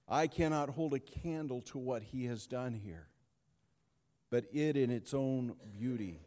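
A man preaching a sermon, telling a story with dramatic pauses and shifts between loud and hushed. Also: medium pitch, big-room sound. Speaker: pastor.

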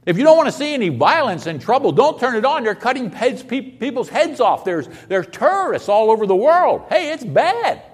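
Man, pastor, sermon, rhetorical questions, high voice, long hall reverb. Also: slightly rough. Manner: conversational preaching with rhetorical questions.

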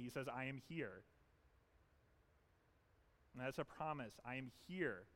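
A man's voice: mid-range voice, animated, measured pace, pauses often, a bit bright. A man pastor preaching an earnest, emphatic sermon in a church, leaning on repetition.

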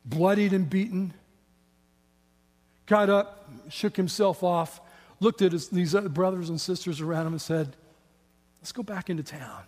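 A man preaching with fervor, his voice pitched unusually high and climbing further at each point he drives home. The sound rings out with the long reverb of a large church sanctuary. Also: steady tone, a little slow, pauses often. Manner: impassioned preaching, rising to high emphatic peaks, then quiet in prayer. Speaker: pastor. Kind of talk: sermon.

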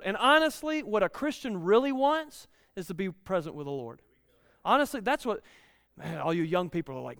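High-voiced preacher in a reverberant hall. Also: male voice, very animated, moderate pace, creaky, clean studio sound. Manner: conversational, repeats lines for emphasis, rises loud on scripture. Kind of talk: sermon.

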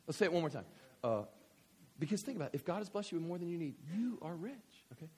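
A middle-aged male pastor preaches in a lively, conversational way and jokes with his listeners. His voice is a little husky, and his pitch climbs and dips a lot. His speaking voice sits fairly high for a man. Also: quick pace. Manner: animated, joking, conversational. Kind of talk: sermon.

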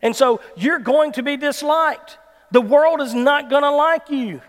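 A man with a Southern American accent preaching a sermon as an animated storyteller. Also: very high-pitched, a little slow. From Mississippi, US South. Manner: animated storyteller who acts out quoted people. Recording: long hall reverb.

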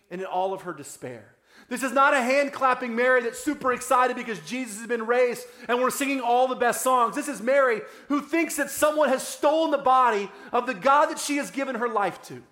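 Reverberant audio carries a male pastor's conversational sermon. He often checks in with listeners by saying "right?", and turns soft and low at emotional points.

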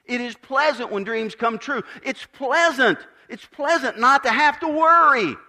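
A man preaching a sermon as pastor, building to emphatic swells and then dropping to quiet, measured lines. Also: extremely high pitch, lively intonation.

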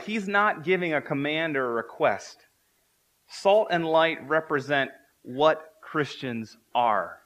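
Male pastor, thirties, preaching, bright voice, slightly high pitch, earnest repetition. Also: lively intonation, moderate pace. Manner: earnest, repeats key phrases for emphasis. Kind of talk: sermon.

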